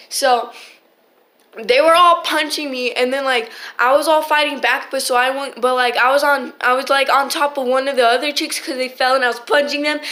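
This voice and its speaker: A woman's voice: high-pitched, a bit bright. A teenage girl telling a rambling, swear-filled storytime into her phone, full of restarts. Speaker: vlogger. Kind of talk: casual storytime.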